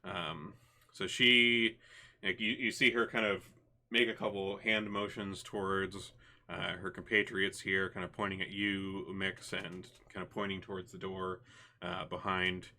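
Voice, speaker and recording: A man with a low, very bright and forceful voice runs a tabletop game as its game master. He narrates the action loosely, stopping often on fillers and restarts. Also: level tone, measured pace.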